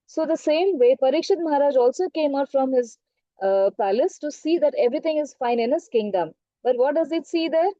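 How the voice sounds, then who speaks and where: Over dull-sounding online class audio with no echo, a woman teacher with an Indian English accent narrates a story fairly quickly. Her high-pitched voice is animated and warm, and she keeps things interactive by often asking her class questions.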